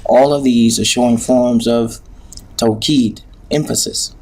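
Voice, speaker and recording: A man's voice: mid-range voice, steady tone, unhurried, a little mellow. A man teaching an Arabic grammar lesson, patient and hesitant, with many filler sounds.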